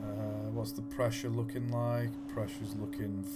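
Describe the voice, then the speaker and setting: A man's voice: fairly low pitch, little pitch movement, measured pace, over loud music. A man chatting casually while playing a game on a livestream, self-mocking and playful. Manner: self-mocking, chatty, trying out silly voices. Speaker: streamer. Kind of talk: casual gameplay livestream commentary.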